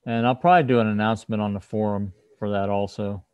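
Low-voiced man explaining firmware plans. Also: fairly even intonation, quick pace, darkish tone, smooth, dry recording, dull audio. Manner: explanatory, restarts sentences. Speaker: host, firmware developer. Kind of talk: casual livestream tech talk.

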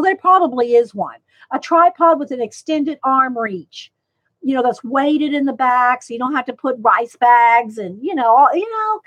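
A woman hosting a casual livestream, rambling along and greeting viewers by name. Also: high-pitched. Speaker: livestream host. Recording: slightly dull lo-fi sound.

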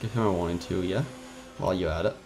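A man's voice: deep voice, fairly even intonation, fast, darkish tone, a little hiss or hum. A man giving casual gameplay commentary, frustrated, swearing and trash-talking his rivals. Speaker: gamer.

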